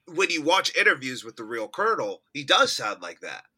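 A man's voice: mid-range voice, sing-song, a little fast, pushed and bright, slightly rough. A man co-hosting a podcast, chatting casually about movies with wry, jokey asides. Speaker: podcast co-host.

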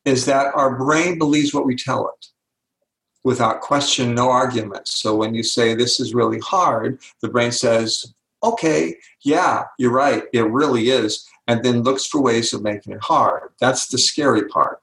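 Older man, gravelly, telling stories slowly. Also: medium pitch, fairly even intonation, a bit bright, roomy sound, rough recording. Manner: slows down to stress key words, acts out quoted voices. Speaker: author and speaker, guest. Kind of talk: interview storytelling.

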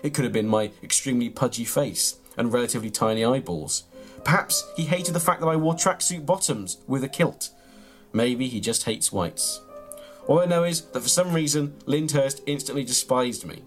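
A man reads a ridiculous memoir aloud with a straight face and mock-earnest pacing, his pitch sitting in an ordinary middle range. Faint music plays underneath. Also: normal speed. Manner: deadpan, mock-earnest storytelling. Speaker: comedy podcast host reading his own mock memoir. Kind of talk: deadpan comic reading of a story, then casual chat.

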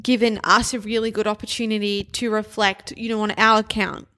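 An Australian woman co-hosting a podcast in casual, chatty talk, bubbly and quick to agree. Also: medium pitch, little pitch movement, sharp tone. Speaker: podcast co-host.

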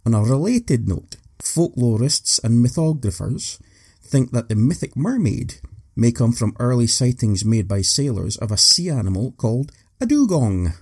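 A man's voice: mid-range voice, very animated, normal speed, darkish tone, slightly rough. A man hosting a talk, telling history with wry, joking asides. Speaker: host. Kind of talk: humorous storytelling.

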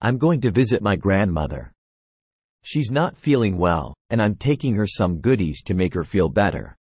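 A man's voice: fairly low pitch, very animated, normal speed, darkish tone, husky, no echo. A man voicing a sweet polite little girl.

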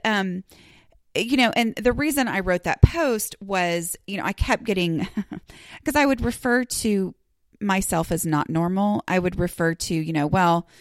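Chatty rambling woman, gravelly edge. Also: mid-range voice, no echo, studio quality. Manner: rambling, self-deprecating, lots of fillers and asides. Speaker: podcast host. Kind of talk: casual solo podcast chat.

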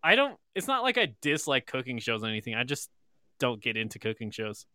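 A man's voice: mid-range voice, big pitch swings, fairly quick, pushed and bright, dry recording, studio quality. A man co-hosting a podcast, joking around and reading listener comments aloud. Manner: joking, does silly impressions, reads chat aloud. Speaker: podcast co-host. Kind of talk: casual chat.

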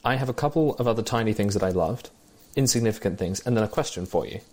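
A man's voice: fairly low pitch, fast talker, a little mellow. A man chatting enthusiastically about a film, recounting the small details he loved. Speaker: film podcast co-host. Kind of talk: casual conversation.

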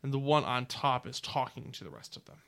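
A man narrating a tabletop game as game master, describing scenes in a relaxed way with fillers and pauses. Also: medium pitch, smooth.

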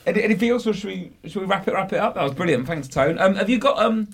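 A man's voice: sits high, lively intonation, fast, vocal fry. A man hosting a podcast, wrapping up the episode in an easygoing way with many fillers. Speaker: podcast host. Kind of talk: casual chat and sign-off.

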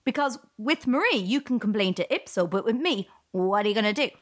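A woman's voice: a little high, expressive, fairly quick, no echo, clean studio sound. A woman comedian hosting a podcast, delivering a sarcastic political monologue and laughing at her own jokes.

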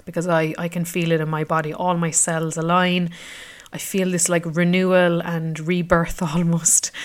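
Chatty woman with a low voice. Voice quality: chatty, rambling with many fillers. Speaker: travel vlogger. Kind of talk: casual travel chat.

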